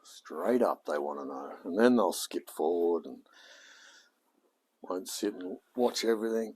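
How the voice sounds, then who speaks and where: A man's voice: low voice, lively intonation, measured pace, a little mellow, husky. An Australian man with a joking manner, chatting casually and muttering to himself as he streams his hobby car repair. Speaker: hobby mechanic and live streamer. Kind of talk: casual live-stream chat while working.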